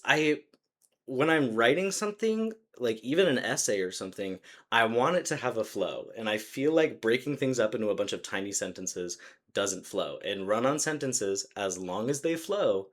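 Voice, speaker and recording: A young man co-hosts a podcast with a voice on the low side and a slightly bright quality. He chats casually in long run-on sentences and laughs often.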